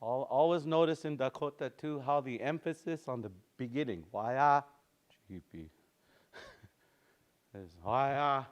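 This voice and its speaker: A man's voice: medium pitch, animated, measured pace, pauses often, darkish tone. A man teaching a language class, patiently repeating words for his students.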